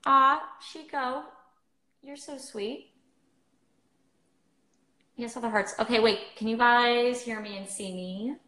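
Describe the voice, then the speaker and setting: A woman's voice: fairly high pitch, slow, long pauses, pushed and bright. A young woman hosting a casual livestream from her phone, bubbly and chatty, with lots of filler words. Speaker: livestream host. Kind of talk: casual chat. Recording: roomy echo.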